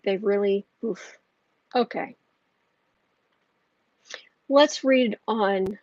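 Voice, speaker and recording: A woman's voice: medium pitch, a little mellow, dry recording, lo-fi sound. A woman hosting a livestream tarot reading, heated and ranting, often restarting her sentences. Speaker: tarot reader and channel host.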